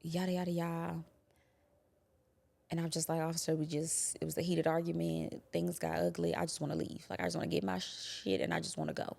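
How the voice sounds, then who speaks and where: A young adult woman quietly recounting a painful personal experience, halting and sometimes dropping to a whisper. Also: sits low, creaky. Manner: quiet, halting, drops to a whisper at hard moments. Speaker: guest telling her story. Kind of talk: personal testimony.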